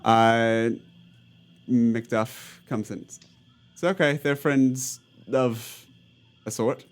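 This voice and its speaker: A man's voice: medium pitch, fairly even intonation, extremely slow, clean tone. A man running a tabletop game as game master, narrating scenes with frequent fillers. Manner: narration full of uh fillers and laughs.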